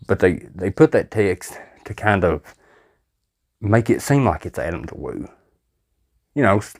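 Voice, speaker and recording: A man hosts a reaction video, pouring out exasperated, sarcastic commentary. His voice sits on the low side. He sounds fed up and mocking throughout.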